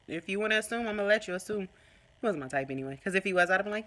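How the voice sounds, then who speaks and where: A woman vlogging casually to her phone, telling a story in an animated way and acting out what people said. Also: mid-range voice, rapid-fire. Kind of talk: casual chat to camera.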